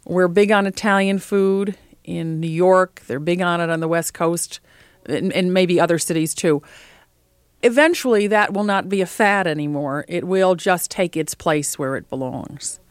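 A woman food writer as an interview guest, telling lively, opinionated stories in casual conversation. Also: lowish voice, normal speed, clean tone, no echo, clean studio sound.

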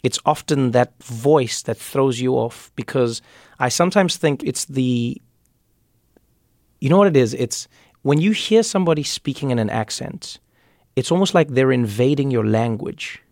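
A man's voice: mid-range voice, animated, moderate pace, darkish tone, no echo, studio quality. A man from Africa, a comedian and author talking reflectively in an interview and often repeating words as he thinks. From South Africa. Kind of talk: conversational interview.

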